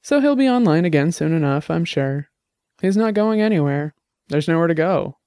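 Man voicing raspy laconic investigator, audiobook, warm, close dry mic. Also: on the high side, animated, normal speed, no echo. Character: weary, wry male investigator.

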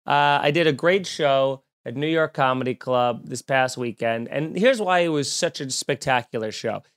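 A man's voice: mid-range voice, normal speed, clean tone. A young adult man, a stand-up comedian, telling a casual, jokey podcast story and acting out the people in it. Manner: animated, jokey, acts out voices in anecdotes.

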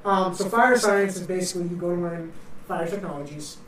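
A man's voice: high-pitched, brisk, fairly bright tone. A young man with a Boston accent, co-hosting a casual chat podcast and telling stories with lots of fillers. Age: young adult. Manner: storytelling with fillers. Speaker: co-host. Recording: roomy echo, distant mic, faint noise.

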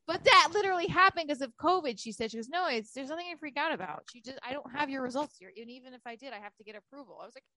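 A woman's voice: sits high, expressive, very fast, hardly any pauses, pushed and bright, no room sound. A woman in her thirties telling candid personal stories in casual chat, swearing freely.

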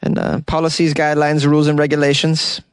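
A man's voice: fairly high pitch, completely flat delivery, quick pace, smooth, dry recording. Dry-sounding jokey male news commentator. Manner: jokey, wry asides, laughs at own jokes; stumbles over foreign names. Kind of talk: casual comedic news commentary.

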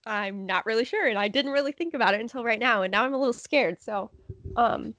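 Podcast co-host lady, higher voice, giggly storyteller, does everyone's lines. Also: a little fast, no echo. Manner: animated storytelling, acts out other people's lines; laughs often. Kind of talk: casual chat.

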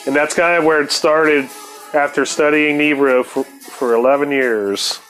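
A man's voice: a little high, fairly even intonation, normal speed, a bit bright, faint music behind. A man telling a rambling, profane story on his podcast, laughing now and then. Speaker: podcast host. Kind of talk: casual storytelling monologue.

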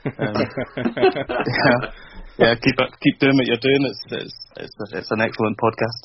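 A man's voice: mid-range voice, fairly even intonation, normal speed, muffled recording, a loud crowd. A man guesting on a podcast over a remote call. He is easygoing and chuckles often, with hesitant restarts. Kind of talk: casual chat.

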